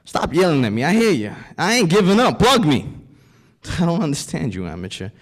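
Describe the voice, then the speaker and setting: A man's voice: on the low side, animated, normal speed. A man performing a dramatic monologue as a wounded, tough-talking male gunman who brashly taunts his shooter. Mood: scornful. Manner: brash, taunting, rising to shouts.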